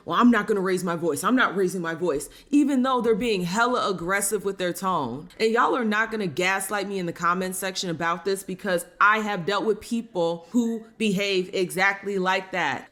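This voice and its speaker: A woman's voice: mid-range voice, a bit bright. A woman hosting a commentary channel, talking straight to her viewers in an emphatic, opinionated way. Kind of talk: casual commentary monologue.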